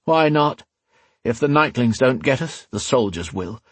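A man doing a gruff, grumbling rogue. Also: mid-range voice, lively intonation, measured pace, fairly bright tone, no room sound, pitched above the performer's own voice. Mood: tense. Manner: grumbling, wry. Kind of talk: audiobook character voice.

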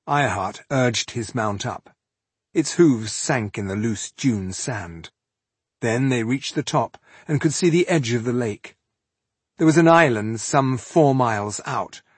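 A man narrating a fantasy audiobook in a measured, expressive way. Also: on the low side, husky, no echo.

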